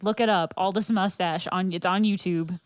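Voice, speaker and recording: A woman's voice: on the low side, fairly even intonation, normal speed, no room sound. Chatty woman guest, dry close sound. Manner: laughing, chatty storyteller. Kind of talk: casual chat.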